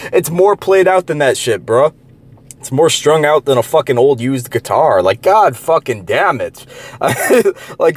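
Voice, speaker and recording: A man pitched a little above the usual male range delivers a profane, heated rant. He rambles, restarts his sentences and tosses in filler words, with a derisive edge throughout. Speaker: online commentator. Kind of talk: profane ranting monologue.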